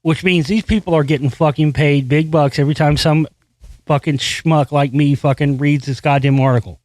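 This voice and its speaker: A man's voice: a little high, steady tone, normal speed, darkish tone, no echo. A man hosting a solo commentary show, reading a news article aloud and breaking into profane, frustrated rants full of restarts. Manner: reads news text aloud, then comments. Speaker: host.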